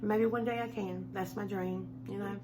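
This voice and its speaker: A middle-aged woman chatting warmly and rambling to her home-video viewers. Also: mid-range voice, steady tone, moderate pace, noisy background. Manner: chatty, rambling, heartfelt, says y'all a lot. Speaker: home decor vlogger. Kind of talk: casual chat to camera. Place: at home, indoors.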